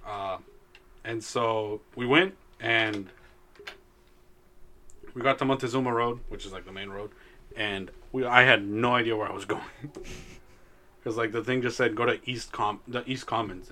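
A man's voice: medium pitch, steady tone, a little slow, long pauses, bright, forceful tone. A young man co-hosting a casual chat, telling a story in a laid-back way with frequent laughs. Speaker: podcast co-host.

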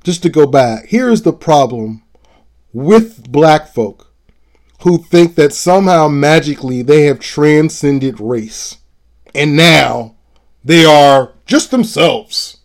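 A man's voice: a little high, animated, slow pace. Blunt, profane male commentary host. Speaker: show host. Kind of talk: political commentary monologue.

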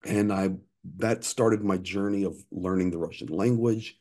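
A man in his fifties, an interview guest telling lively anecdotes with frequent restarts. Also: sits low, normal speed. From United States. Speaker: interview guest, aid worker. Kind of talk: conversational storytelling.

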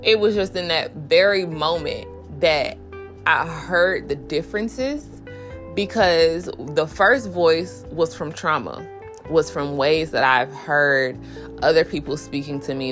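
Her slightly bright voice moves a little slowly as she hosts a casual podcast conversation about faith, with soft music behind her. She restarts often, leans on fillers, and acts out inner voices at a higher pitch.

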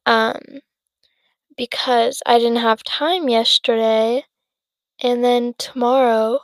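A tired eighteen-year-old woman yawns her way through casual chat on her solo podcast, speaking slowly in a fairly high voice with fairly even intonation. She rambles with many fillers and keeps interrupting herself. No room sound is audible.

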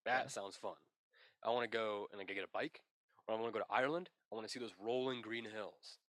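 A man's voice: lowish voice, fast talker, fairly bright tone, no room sound. A man co-hosting a casual comedy podcast, rambling and spinning absurd tall tales with a straight face. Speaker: podcast co-host.

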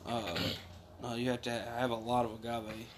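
A man's voice: mid-range voice, little pitch movement, normal speed. A man in casual chat, explaining drinks patiently with many fillers and restarts.

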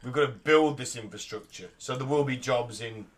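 A man's voice: mid-range voice, moderate pace. A man co-hosting a podcast, talking in a rambling, hesitant way with lots of asides. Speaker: podcast co-host. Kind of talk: casual chat.

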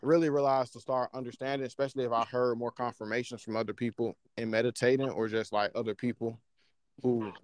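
A man in casual podcast chat, talking in an animated, slangy way and checking in with his listeners as he explains. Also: mid-range voice, quick pace, no room sound. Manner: animated, slangy, often asks "you know what I'm saying". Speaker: podcast co-host.

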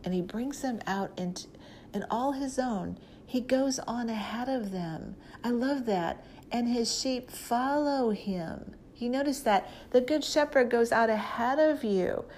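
A woman's voice: medium pitch, a little mellow, a little hiss or hum. A woman preacher giving a conversational Bible teaching, talking emphatically and directly to her listeners.

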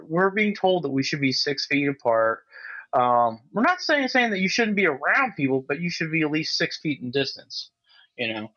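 Lively, bright-voiced man on a lo-fi recording. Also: a little high. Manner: rambling, lots of "like" and "you know". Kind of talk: casual chat. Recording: lo-fi dull sound.

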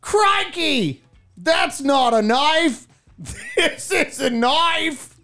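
A woman's voice: sits high, animated, drawn-out words, vocal fry, a bit bright, soft background music, voice pushed up, heavily acted. A woman putting on a stereotyped Australian man's voice as a joke, with an exaggerated drawl. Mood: hammy. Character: stereotyped Australian male cop, jokey.

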